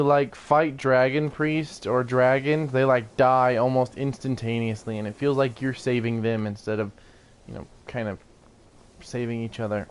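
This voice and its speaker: A man's voice: medium pitch, a little hiss or hum. Rambling casual male gamer. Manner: rambling, laughs often, swears casually. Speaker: gaming YouTuber. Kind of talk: casual gameplay commentary.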